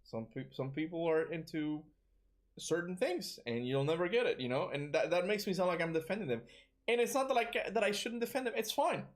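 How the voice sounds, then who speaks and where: A man's voice: high-pitched, animated, brisk. A young man with a Toronto accent chatting casually on a livestream, tired, rambling and restarting his words with frequent chuckles. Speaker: gaming streamer.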